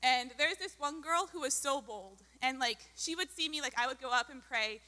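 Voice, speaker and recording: A young woman talks in an upbeat, chatty way, full of fillers. Her voice is bright and a little high. A long hall reverb trails behind her. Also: expressive, normal speed. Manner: bubbly, chatty with many fillers. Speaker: mission volunteer. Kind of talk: testimony.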